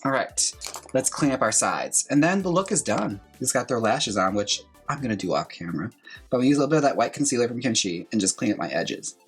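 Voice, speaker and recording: A man's voice: mid-range voice, sing-song, fast talker, husky, faint music behind. A young man who is a drag queen, chatting campily and theatrically while doing a makeup tutorial. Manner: chatty, campy, theatrical asides. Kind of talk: casual makeup tutorial chat.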